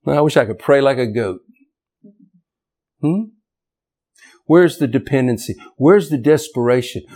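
Here a slightly high-voiced preacher delivers a fervent, repetitive sermon, his emphasis climbing until he is almost shouting at the crucial moments.

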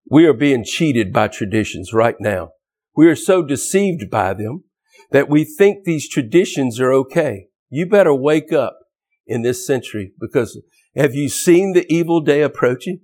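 A man's voice: mid-range voice, darkish tone. A man preaching a fervent, emphatic sermon, often restarting and repeating words as he drives his points home.

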